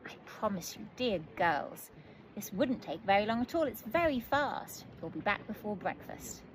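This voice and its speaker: A woman's voice: mid-range voice, very animated, moderate pace, a little hiss or hum, lightly acted. A woman voicing a fussy, polite male talking chicken-bird in a storybook reading, formal and courteous with clucks.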